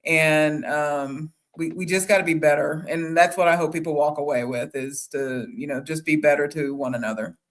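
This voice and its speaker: A woman talks casually as a guest on a live chat. Her speech is halting and rambling, with frequent fillers and restarts as she thinks aloud. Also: low voice. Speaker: guest homesteader. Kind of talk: casual conversation.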